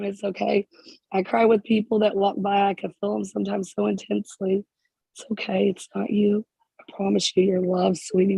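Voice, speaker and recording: A spiritual healer speaking in emotional counseling to a group member, halting and repeating phrases, close to tears. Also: mid-range voice, vocal fry, dark tone, husky, dry recording, low-quality recording.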